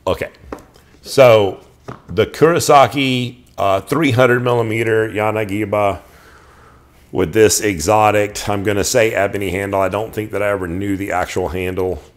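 A man's voice: fairly low pitch, fairly even intonation, moderate pace. A middle-aged man casually showing off his knives, enthusiastic and rambling, often restarting his sentences. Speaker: knife collector reviewing knives. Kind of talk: casual show-and-tell.

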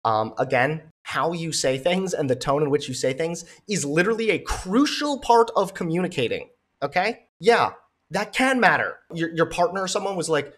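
A man's voice: fairly high pitch, animated, normal speed, fairly bright tone. A man hosting reaction commentary in a sarcastic, scornful and profane way. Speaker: commentary host.

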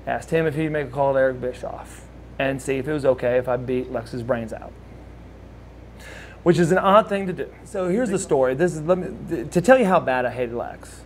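Here a former wrestler in his forties delivers stories for a casual shoot interview, slipping animatedly into the voices of people he quotes. He speaks a little fast at medium pitch, over a faint hiss or hum.

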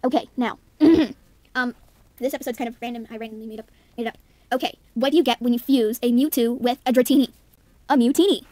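Woman narrating a toy video, high voice, hesitant, dry close recording. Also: quick pace, warm tone, no room sound. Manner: offhand, hesitant with many ums. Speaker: host.

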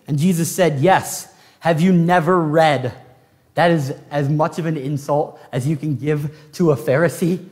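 A man preaching a sermon as pastor, telling the story with animated swings from loud to hushed. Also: a little high, big-room sound. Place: church sanctuary.

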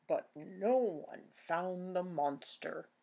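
A woman's voice: fairly low pitch, gravelly, full character voice. A woman voicing a sleepy old grandfather while reading a picture book aloud. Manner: slow, soft storybook reading.

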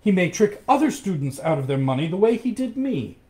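A man's voice: high voice, sing-song, brisk, dark tone, pitched above the performer's own voice. A man reading aloud and voicing a naive young male student in a storybook tale. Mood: worried.

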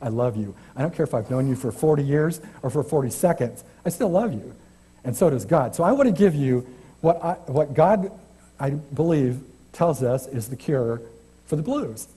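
Husky, dark-voiced male preacher. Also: medium pitch, animated, moderate pace. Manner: chatty, self-deprecating, restarts often. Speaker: guest preacher. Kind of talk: informal church sermon. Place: church sanctuary.

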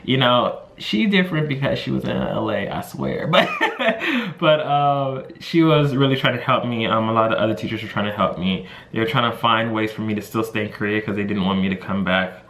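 A man's voice: lowish voice, brisk, gravelly, a bit bright. Rambling young American man, echoey room. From United States. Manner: rambling, full of "you know" and "like". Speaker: vlogger. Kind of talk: casual storytime monologue.

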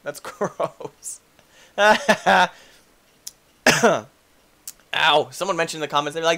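A man giving goofy, excitable commentary over his gameplay, laughing and yelling at the game. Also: on the high side, slow, long pauses. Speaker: gaming YouTuber. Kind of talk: let's play commentary.

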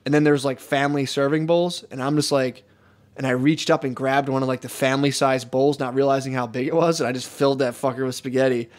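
Male podcast co-host, thirties, quick rambling storyteller with a crude mouth. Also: mid-range voice, steady tone. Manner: rapid rambling anecdotes, heavy swearing, breaks into laughter. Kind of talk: casual storytelling chat.

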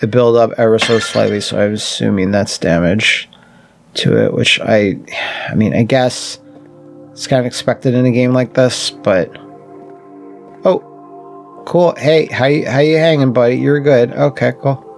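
Gravelly man doing wry game commentary. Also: mid-range voice, measured pace, long pauses, faint music behind. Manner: wry, swearing, jokey asides to enemies. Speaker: gaming channel host. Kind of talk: casual let's-play commentary.

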